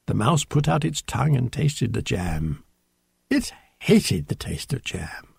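A man reading a children's storybook aloud, slow and expressive. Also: vocal fry, slightly rough, no room sound. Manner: slow, expressive read-aloud with lively pitch.

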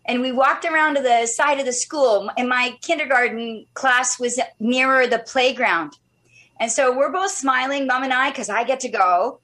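High-voiced woman in her 50s, guest on an interview, super animated storytelling, speeds up and slows down a lot. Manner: animated and expressive, shifting pace often. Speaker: guest speaker.

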